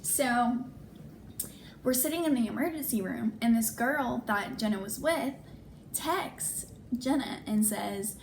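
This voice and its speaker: A woman's voice: fairly high pitch, takes it slowly, a little hiss or hum. A young adult woman vlogger telling a personal story in a casual way, acting out what people said and often saying "like". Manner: animated, acts out quoted dialogue, frequent "like".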